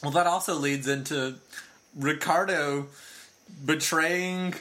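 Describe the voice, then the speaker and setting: A man co-hosting a casual podcast chat, playful and quick to laugh with jokey asides. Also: fairly high pitch, pushed and bright. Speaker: podcast co-host. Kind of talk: casual chat about wrestling.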